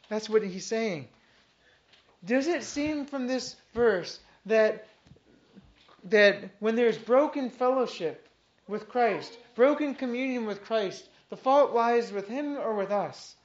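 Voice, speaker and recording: Woman bible teacher, kinda high voice, reads verses and repeats them earnest-like, dull lo-fi sound. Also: animated, slow pace. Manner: earnest, reads scripture aloud with emphatic repetition. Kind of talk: Bible teaching to a small group. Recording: dull lo-fi recording.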